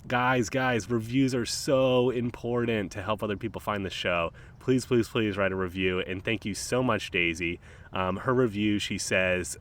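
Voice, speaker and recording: A low-voiced man hosts his nature podcast in an easygoing, chatty way, sprinkling his talk with ums and uhs. He records outdoors at the water's edge in a park. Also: fairly even intonation, normal speed. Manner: laid-back, rambling, frequent ums and uhs. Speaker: podcast host. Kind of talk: casual solo nature podcast.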